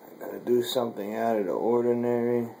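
A man's voice: mid-range voice, level tone, a little fast, creaky, mellow, roomy sound, a little hiss or hum, low-quality recording. A man vlogging from home in a casual, frustrated way, swearing at gear that won't work.

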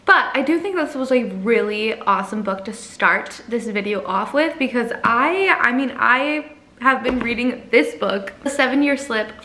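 A woman's voice: a little high, sharp tone. A young woman in her twenties chatting casually in a reading vlog, emotional and laughing often. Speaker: book vlogger.

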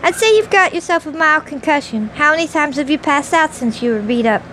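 A woman reader voicing a brisk, commanding, dry-humored woman doctor in an audiobook. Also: sits high, animated, noisy background, voice pushed up. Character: brisk no-nonsense woman doctor, middle-aged.

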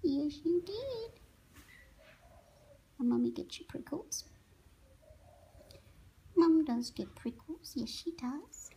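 A woman's voice: high-pitched, sing-song, takes it slowly, long pauses, dark tone. A woman talking doting baby talk to her pet parrot, with whispery asides. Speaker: pet owner.

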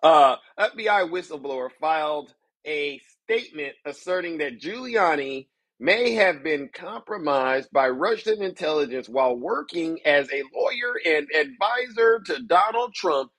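A man with a fairly high, animated voice speaks a little slowly, with no echo. Hosting a political commentary show, he rants theatrically to his viewers in a mocking, showman-like way, forever saying "ladies and gentlemen."

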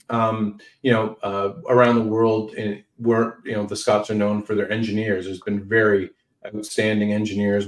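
Canadian man, slightly low voice, hesitant and measured, heard from a distance in an echoey room. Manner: measured, hesitant, many fillers. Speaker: guest historian. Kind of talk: casual interview talk.

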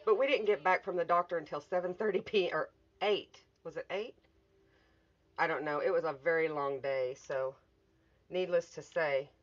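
A woman with a slightly low voice chats casually on a morning livestream from home. She rambles, greets viewers and swears in passing. The phone audio is dull and lo-fi. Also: fairly bright tone. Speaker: artist livestreaming.

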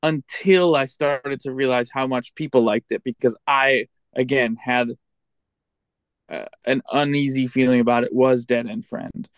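A man chatting as a guest musician in a relaxed interview, candid and a little self-deprecating as he looks back. His voice sits at an ordinary middle pitch. The sound is close and dry, with no room around it. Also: measured pace, clear, resonant tone, no echo. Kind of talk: casual interview chat.

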